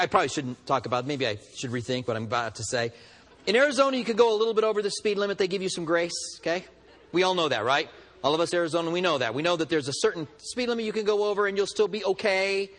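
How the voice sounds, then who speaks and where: A man preaching in a high, lively voice that swoops up and down as he acts out stories. His words ring through a hall with a long reverb tail. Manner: animated storytelling, acts out both sides of dialogues. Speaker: pastor. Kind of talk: sermon.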